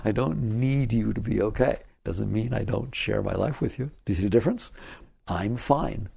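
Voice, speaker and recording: A man's voice: lowish voice, vocal fry, a little mellow, breathy edge. A man giving a spiritual talk to an audience. He speaks emphatically, repeats his key phrases and puts questions to the listeners. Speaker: spiritual teacher.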